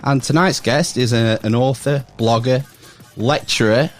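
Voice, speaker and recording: A man's voice: medium pitch, measured pace, faint music behind. Upbeat jokey male podcast host. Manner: jokey, upbeat, laughs at own slips. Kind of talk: casual interview chat.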